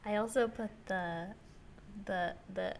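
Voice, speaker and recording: A young woman co-hosts a casual podcast. She is chatty and teasing and laughs easily. Her voice sits in a middle pitch. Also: fairly even intonation, slow pace, gravelly, slight background noise. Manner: chatty, laughs often, jokey. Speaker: podcast co-host. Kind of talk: casual chat.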